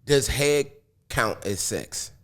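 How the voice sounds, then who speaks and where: A man's voice: mid-range voice, lively intonation, takes it slowly, a bit bright. A man chatting as a guest on an interview show, laid-back and joking, often laughing. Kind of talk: casual interview chat.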